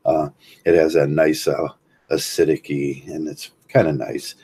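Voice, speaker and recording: A man's voice: very deep voice, level tone, mellow, breathy edge. A man from Ohio with a Midwestern American accent, hosting a livestream and rambling through philosophy with many fillers and restarts. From Ohio, USA. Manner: halting, many fillers and restarts, chuckles often. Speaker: livestream host.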